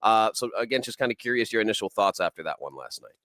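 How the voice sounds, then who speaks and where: A man hosting a local sports talk show, chatty and animated as he runs through scores. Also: fairly low pitch, no echo. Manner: chatty, animated, with quick laughs.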